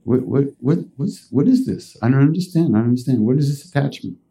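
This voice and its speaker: A man's voice: mid-range voice, lively intonation, quick pace, mellow, voice pushed up, close to an everyday voice. A man voicing an old guru who keeps repeating puzzled questions. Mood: baffled.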